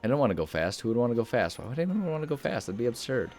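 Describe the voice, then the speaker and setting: A man's voice: medium pitch, sing-song, racing, a little mellow. A young man giving casual, rambling commentary over a video game he is playing, joking and talking to himself. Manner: rambling, jokey, self-mocking asides. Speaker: gaming video host. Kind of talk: casual let's-play commentary.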